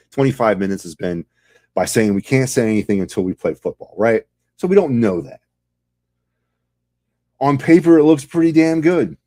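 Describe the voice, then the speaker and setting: A man's voice: on the low side, dark tone. A man hosting a sports podcast, delivering a heated, sarcastic fan rant full of rhetorical questions.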